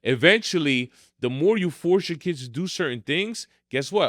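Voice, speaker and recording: A man's voice: fairly high pitch, animated, moderate pace, a bit bright, no echo, studio quality. A middle-aged man, a martial arts school owner telling blunt, emphatic stories in a podcast interview.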